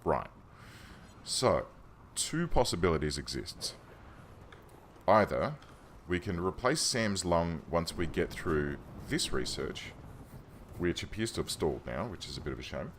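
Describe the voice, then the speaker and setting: A man's voice: low-pitched, sing-song, measured pace, slight background noise. A man hosting a let's play, chatting casually and thinking aloud as he plays, often correcting himself mid-sentence. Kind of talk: casual game commentary. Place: home room.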